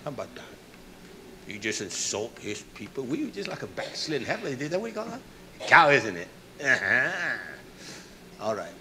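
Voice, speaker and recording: A man preaching a sermon, emphatic, rising to shouts and dropping to soft asides. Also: mid-range voice, big pitch swings, normal speed, long pauses.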